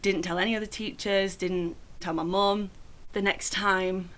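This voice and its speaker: A woman's voice: mid-range voice, steady tone, measured pace, fairly bright tone. A young woman telling a personal story in a casual vlog, chatty and full of "like" fillers. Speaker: vlogger.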